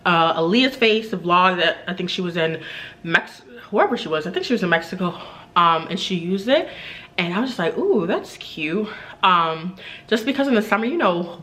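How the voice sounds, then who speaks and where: A woman's voice: lowish voice, pushed and bright. A young woman vlogging a beauty and luxury haul, chatty and enthusiastic, talking straight to her viewers. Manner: chatty and enthusiastic, many fillers and asides to viewers. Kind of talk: casual haul vlog talk to camera.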